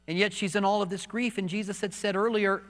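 A man preaching a sermon as pastor, moving between soft, hushed confiding and raised, emphatic preaching in a church sanctuary. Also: high-pitched, fairly even intonation, fast. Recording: long reverb of a large hall.

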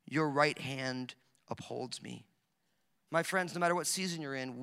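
A man in his thirties preaching a sermon as a pastor, telling jokey stories in an animated way with lots of fillers. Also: medium pitch, unhurried, creaky, clean tone. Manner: animated, joking storytelling with many fillers. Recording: echoey hall recording.

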